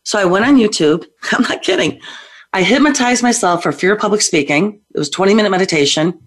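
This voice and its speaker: A woman's voice: mid-range voice, lively intonation, brisk. A woman guest on a talk show, a psychic medium telling her story in a hyper, rowdy, chatty way. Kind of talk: casual talk show interview.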